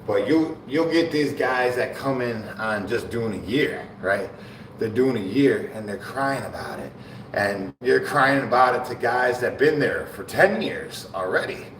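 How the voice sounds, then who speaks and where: A man's voice: mid-range voice, expressive, unhurried, a bit bright, slight background noise. A man chatting casually on a live bodybuilding stream between sets, laid-back and slangy, often laughing. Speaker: bodybuilding livestreamer. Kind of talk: casual livestream chat while training. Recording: echoey room, mic far off, faint ambience.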